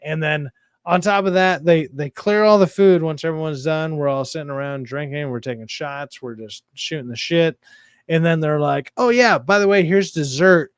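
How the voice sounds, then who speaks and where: A man's voice: fairly high pitch, moderate pace, clear, resonant tone, dry recording, studio quality. A man hosting a stream chat, telling stories casually with lots of swearing and animation. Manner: profane, animated storytelling. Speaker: stream host.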